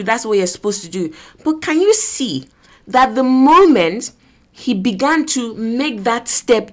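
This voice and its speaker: Earnest Nigerian woman preaching. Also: fairly high pitch. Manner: earnest, exhorting, acts out voices and quotes. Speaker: preacher and podcast host. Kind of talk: sermon.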